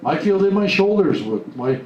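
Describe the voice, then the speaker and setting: His voice is high-pitched and sing-song, brisk and darkish, picked up from afar with the highs cut off. The seminar speaker emphatically motivates a live audience while acting out quoted voices, in an echoey room, off-mic, with faint hiss.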